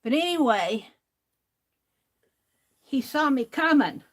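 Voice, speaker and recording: A woman's voice: on the high side, expressive, takes it slowly, a bit bright. A woman hosting a crafting livestream, chatting to viewers while she works and laughing often. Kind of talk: casual crafting chat while working.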